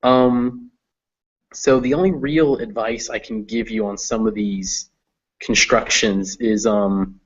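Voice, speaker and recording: A man's voice: lowish voice, fairly even intonation, slow pace, slightly rough, lo-fi sound. A man tutoring a student in reading English, explaining patiently with many fillers. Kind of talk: one-on-one reading lesson.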